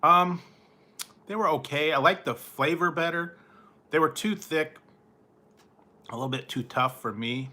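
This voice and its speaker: A man's voice: a little high, a little slow, long pauses, bright, forceful tone. A man talking casually as a food reviewer, rambling and trailing off with frequent chuckles. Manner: rambling, laughs often, trails off. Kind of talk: casual late-night chat.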